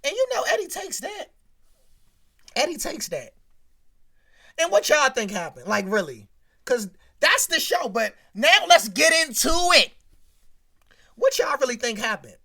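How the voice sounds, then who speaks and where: A man hosting a comedic rant show, telling stories in an animated, exclamatory way and repeating lines for effect. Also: very high-pitched, unhurried, pauses often.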